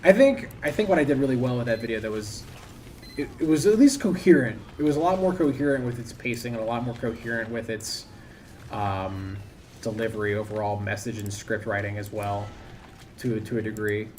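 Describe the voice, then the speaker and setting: Young guy rambling while gaming on stream, mid-pitched voice, bit of faint hum behind. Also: lively intonation, a little fast, a little mellow. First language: English. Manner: rambling, self-critical, trailing off. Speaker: game streamer. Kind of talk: casual commentary while gaming.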